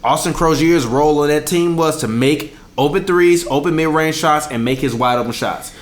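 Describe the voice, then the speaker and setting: A man's voice: a little high, moderate pace. Argumentative man in an echoey room. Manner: argumentative, talks over his co-host, stumbles on names. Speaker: podcast co-host. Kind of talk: casual sports debate.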